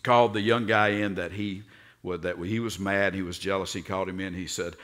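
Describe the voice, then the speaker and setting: Low-voiced Southern pastor preaching. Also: male voice, steady tone, a little fast. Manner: storytelling, acts out voices with sudden loud outbursts. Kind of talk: sermon.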